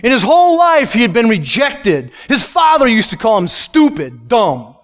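A male pastor delivers a sermon built around his own testimony, alternating between loud, emphatic lines and quiet, hushed ones. His voice is very high and sing-song, and he speaks at a moderate pace.

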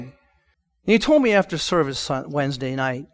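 A man preaching a sermon as a pastor, telling a personal testimony and moving between loud emphatic lines and hushed soft ones. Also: fairly high pitch, big pitch swings, moderate pace.

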